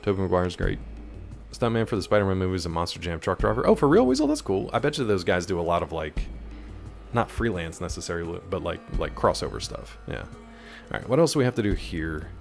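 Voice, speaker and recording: A man's voice: low voice, sing-song, fast talker, vocal fry, soft background music. A young man chatting casually on a live stream, answering chat and hopping between topics while he plays. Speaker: game streamer.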